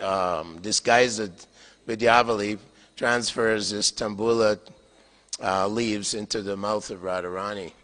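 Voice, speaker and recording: An older man tells a sacred story to an audience in a tone that is bright and forward. He pauses often, chuckling and clearing his throat. His voice carries a long reverb through a temple hall. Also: medium pitch. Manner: halting, with frequent fillers, chuckles and throat clearing. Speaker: lecturer on scripture. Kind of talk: storytelling scripture lecture.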